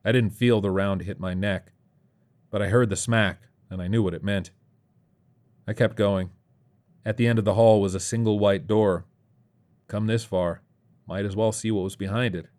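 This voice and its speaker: A man's voice: lowish voice, steady tone, moderate pace, long pauses, a little mellow. A man narrating a first-person story in a grim, clipped, world-weary way.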